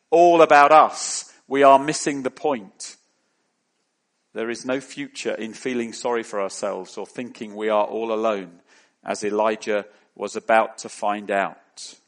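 A man preaching a sermon in a measured, deliberate way, rising into emphatic questions. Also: medium pitch.

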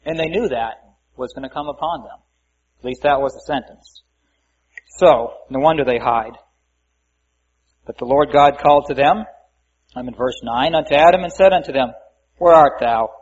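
Male preacher, conversational Bible teacher, slightly raspy voice, dull lo-fi recording. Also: mid-range voice, moderate pace, pauses often. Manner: conversational, folksy asides, reads scripture aloud. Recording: muffled lo-fi recording.

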